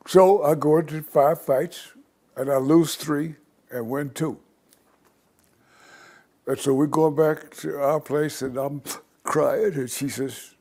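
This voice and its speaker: An older man with a gravelly, somewhat husky voice tells his life stories at a steady pace. He rambles a little and slips into the voices of the people he quotes. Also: a little high, slow, pauses often. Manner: rambling anecdotal storyteller who acts out quoted voices. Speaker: interview guest. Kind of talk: storytelling in an interview.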